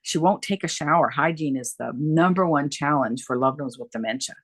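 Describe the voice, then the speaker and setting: Her voice is brisk and slightly rough, at an ordinary female pitch, captured dry and close with no room echo. A middle-aged dementia care coach, she tells stories as an interview guest in an animated, emphatic manner, repeating phrases for effect.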